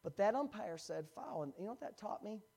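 A man preaching a sermon, telling a personal story in an animated way and building to emphatic points. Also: sits high, a little fast, gravelly, breathy edge. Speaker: pastor.

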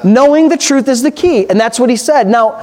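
A man's voice: very high-pitched, expressive, moderate pace, darkish tone. A man, a pastor, preaching a sermon with passionate, repetitive emphasis.

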